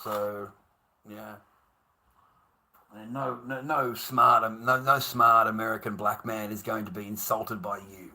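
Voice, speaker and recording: A man's voice: fairly low pitch, little pitch movement, a little slow, pushed and bright. An Australian man hosting a livestream, rambling and chatting to viewers, swearing freely, laughing often and calling everyone mate. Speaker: livestream host. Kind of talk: rambling live-stream chat.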